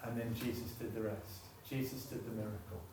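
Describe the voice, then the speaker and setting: A man's voice: fairly low pitch, steady tone, a little fast, noisy background. Impassioned male preacher in a roomy hall. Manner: impassioned, rising to emotional peaks. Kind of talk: sermon and closing prayer. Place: conference hall. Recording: roomy hall, speaker far from mic.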